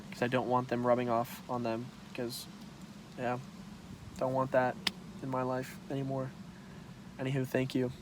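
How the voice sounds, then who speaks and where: A man's voice: medium pitch, a little mellow. A young man talking casually to his viewers in a candid, rambling vlog, swearing freely. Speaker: vlogger.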